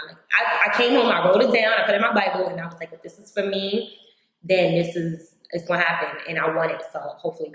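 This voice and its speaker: A woman's voice: fairly low pitch, a bit bright. A young woman from New York vlogging a casual life update, chatty, saying "like" constantly and acting out her own past words. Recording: very echoey room.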